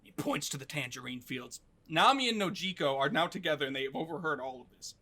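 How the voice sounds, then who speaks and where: Young man, high voice, bright tone, casual podcast recap, animated storyteller. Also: brisk, few pauses. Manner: animated storytelling, briefly mimicking characters, swearing and laughing. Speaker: podcast host recapping an anime.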